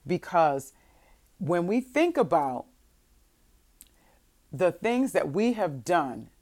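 Low-voiced woman preaching a sermon. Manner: expressive preaching, swings between soft and emphatic; reads scripture in a slow, measured voice.

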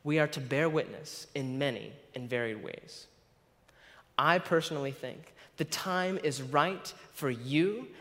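A man's voice: on the high side, a bit bright. Man preaching in a reverberant church. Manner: stumbles over words, laughs at himself. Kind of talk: sermon. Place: church sanctuary. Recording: long hall reverb.

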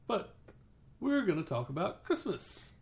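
A woman's voice: lowish voice, very animated, measured pace, vocal fry. A woman co-hosting a casual podcast chat, explaining things step by step. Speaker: podcast co-host.

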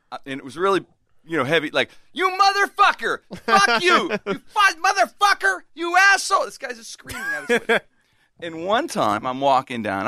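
Guy hosting a chatty show, bright voice, swings way up and down telling stories, dry close sound. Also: fairly high pitch, no echo. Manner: animated, laughing, shouts out quoted lines. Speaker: podcast host. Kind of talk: casual storytelling chat.

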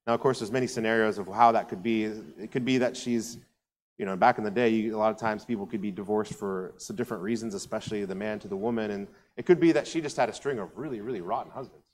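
A man's voice: fairly low pitch, fast talker, long reverb tail, a little hiss or hum. A man preaching a conversational sermon as a pastor, telling the story casually with frequent asides. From United States. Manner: animated storytelling, acting out quoted voices; casual asides and filler words.

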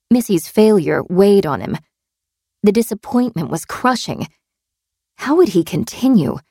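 Low-voiced woman narrating a thriller. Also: dark tone, no room sound, studio quality. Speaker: audiobook narrator. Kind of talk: scripted audiobook narration.

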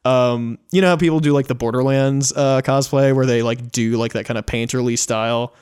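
A man's voice: medium pitch, fairly even intonation, a little fast, darkish tone, clear, resonant tone. A young man co-hosting a podcast in casual chat, rambling and profane, laughing often. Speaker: podcast co-host.

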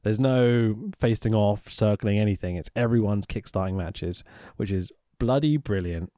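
A man casually co-hosting a podcast, excitable and sweary, laughing often as he recaps. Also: lowish voice, moderate pace, no echo, clean studio sound. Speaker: podcast co-host recapping wrestling. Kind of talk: casual chat.

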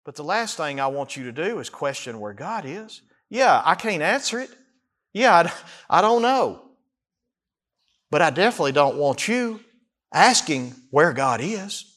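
High-voiced preacher guy, gets loud then drops way down, acting out the psalm. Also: sing-song, measured pace. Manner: impassioned, rising to near-shouts and dropping low; acts out the psalmist's cries in first person. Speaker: pastor. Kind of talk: sermon.

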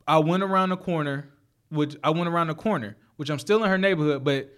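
A young man telling a story in casual chat, animated and profane, laughing often as he talks. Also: a little high, quick pace. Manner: animated, laughs often, profane street slang, repeats and restarts.

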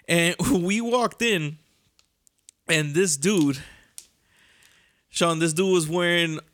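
High, bright-voiced young man hosting. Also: slow, no room sound. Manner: loose, profane storytelling with slang and laughter. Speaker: podcast host. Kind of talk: casual podcast chat.

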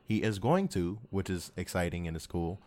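A man's voice: deep voice, animated, moderate pace, warm tone. A man co-hosting a podcast in casual chat, laid-back, joking and profane. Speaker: podcast co-host.

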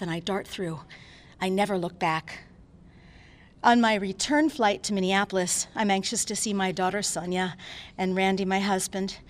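An actress performing a dramatic stage reading as a frightened, defiant woman doctor under attack, moving from hushed dread to bursts of screaming. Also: medium pitch, close to an everyday voice. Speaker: actor performing a diary monologue.

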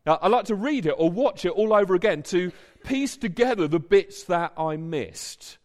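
A preacher speaks with an earnest, conversational warmth that swells into emphatic points. His fairly high voice moves in lively, animated swoops. He sounds like he is talking straight to a congregation. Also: normal speed. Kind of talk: sermon.

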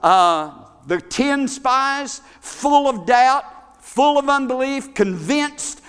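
Preacher, man, high and bright, dramatic storyteller, hall echo. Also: expressive, drawn-out words, clear, resonant tone. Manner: dramatic storytelling, swings from hushed to shouting. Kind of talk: sermon. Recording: echoey hall.

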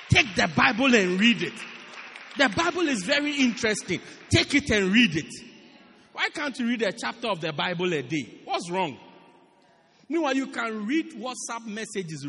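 A man from South Africa preaching a sermon in an animated, repetitive way, often laughing at his own jokes. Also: extremely high pitch, normal speed, vocal fry. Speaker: pastor. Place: large church hall. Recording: long echoing church hall reverb.

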